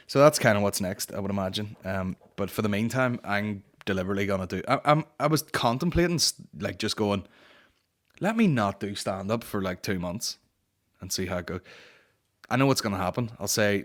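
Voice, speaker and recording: A man's voice: on the low side, fairly quick. A young man hosting a comedy podcast, ranting casually in rambling, profane banter. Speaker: podcast host.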